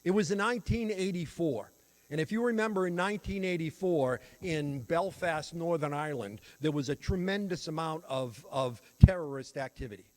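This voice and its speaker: A man's voice: a little high, normal speed, darkish tone. An older man giving a workshop talk on teaching children, telling a personal story in an earnest, reflective way. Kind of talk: storytelling lecture.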